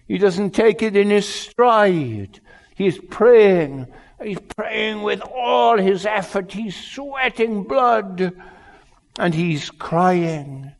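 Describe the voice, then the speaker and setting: A male pastor preaching a sermon in an earnest, unhurried way, his loudness rising and falling. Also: high-pitched. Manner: slow, earnest preaching with wide swings in loudness. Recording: long hall reverb.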